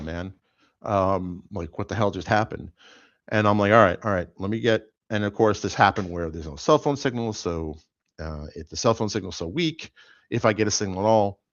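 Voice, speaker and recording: A middle-aged man, still sore after an accident, hosting a show and telling a rambling, animated story with lots of fillers. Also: low voice, dry recording, lo-fi sound. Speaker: host. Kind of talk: casual chat.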